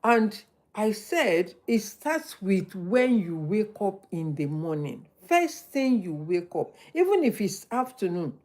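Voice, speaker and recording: A woman's voice: mid-range voice, sing-song, slow, darkish tone. A woman hosting a motivational live stream, telling stories and repeating points for emphasis.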